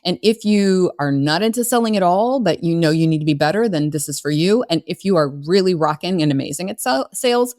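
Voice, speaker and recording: A woman's voice: lowish voice, expressive, fairly quick, few pauses, a little mellow. A middle-aged woman coaching on sales, talking in an earnest, conversational way with many fillers and restarts. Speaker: business coach. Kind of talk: solo podcast talk.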